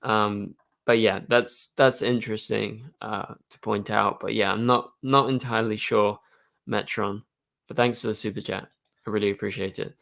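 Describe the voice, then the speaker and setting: A man's voice: fairly low pitch, steady tone, moderate pace, gravelly, a bit bright. A young man hosting a live stream, chatting casually and answering viewer questions, rambling with lots of fillers. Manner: rambling, full of "like" and "um".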